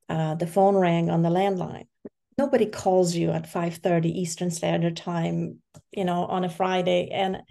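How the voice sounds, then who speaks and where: A woman author telling a lively story on a video call, repeating phrases as she gets excited. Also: lowish voice, creaky. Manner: animated, repeats herself when excited. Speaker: award-winning author.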